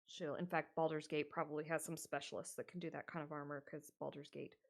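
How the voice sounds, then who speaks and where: A woman narrating as game master of a tabletop game in a relaxed, hesitant way. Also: low-pitched, fast, creaky.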